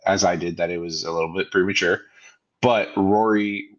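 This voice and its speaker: A man's voice: sits low, fairly even intonation, moderate pace, dull audio. A young man co-hosting a casual podcast, rambling through stories, laughing often and acting out his kids' voices. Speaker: podcast co-host. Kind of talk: casual chat.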